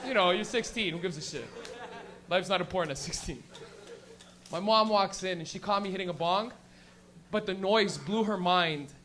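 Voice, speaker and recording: A man's voice: high-pitched, brisk, a bit bright, a little hiss or hum. A young man doing a stand-up comedy set on a club stage, telling stories with profanity and laughing at his own jokes.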